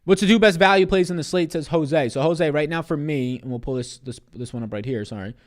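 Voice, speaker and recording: A man's voice: a little high, brisk. A man in his twenties on a casual live stream, giving fantasy basketball picks and answering chat in a loose, profane way. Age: 20s.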